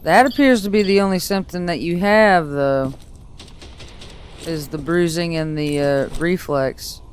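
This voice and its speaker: A man's voice: a little high, measured pace, a little hiss or hum. A man streaming a game, talking wryly to the characters and joking as he plays. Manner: wry, joking, talks to the characters. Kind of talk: casual gameplay commentary. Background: game music.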